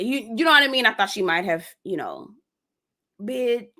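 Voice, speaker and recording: A young woman, hosting a casual live stream, animated and cussing freely as she reacts and reads comments aloud. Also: medium pitch, fairly quick.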